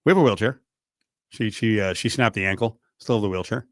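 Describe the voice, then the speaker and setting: A middle-aged man hosting a sports radio show in a studio, joking and animated. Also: on the low side, brisk, no echo. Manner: animated, joking, swings from mutter to near-shout. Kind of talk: casual sports talk. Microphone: studio mic.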